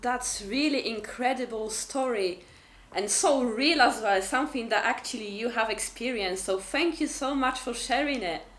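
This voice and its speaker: A woman hosts a herbal talk with a bright, sharp voice. She gushes with gratitude, repeating words as she goes. The room around her rings with echo. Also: on the high side, moderate pace. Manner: effusive, grateful, stumbling repeats. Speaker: interview host. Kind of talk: casual interview.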